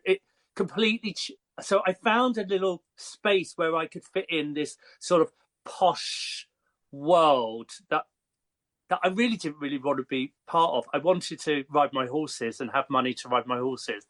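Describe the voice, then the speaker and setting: An English man in his fifties tells stories as a podcast guest, in a fairly high voice. He talks in a lively, chatty way with plenty of fillers. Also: measured pace. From Croydon, England. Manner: lively, chatty, laughs often, with frequent fillers. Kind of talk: casual storytelling.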